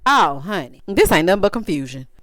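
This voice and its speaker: A woman's voice: on the low side, very animated, brisk, fairly bright tone, no echo, clean studio sound. A woman giving a sassy, dramatic casual recap of a reality show, often mimicking the people she talks about.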